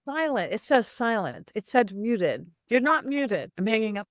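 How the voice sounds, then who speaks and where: A woman psychic medium guest telling lively stories in a casual interview, often acting out the voices of people she quotes. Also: a little high, no echo, clean studio sound. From Southern California. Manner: animated, acts out quoted voices, quick asides.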